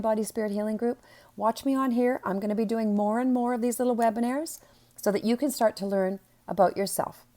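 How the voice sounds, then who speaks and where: A woman's voice: mid-range voice, darkish tone. A woman teaching a spiritual webinar, talking to the viewer in a soothing, earnest and emphatic way.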